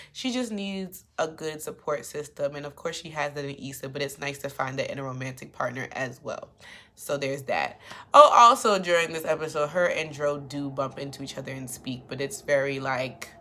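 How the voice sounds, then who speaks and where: Low-voiced woman recapping a tv episode, sassy and animated, acts out the lines. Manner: chatty and animated, acts out characters' lines with sass. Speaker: TV recap commentator.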